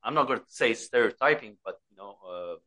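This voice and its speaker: A man from Egypt with an Egyptian accent hosting a relaxed conversation, often restarting and repeating words as he talks. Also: on the low side. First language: Arabic. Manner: halting, repeats words and stacks fillers. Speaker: podcast host and trainer. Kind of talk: casual conversation.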